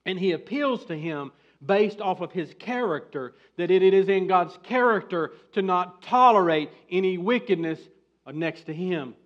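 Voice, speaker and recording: A man preaching a sermon as pastor, building to emphatic, forceful bursts. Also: high voice, animated, normal speed, highs cut off.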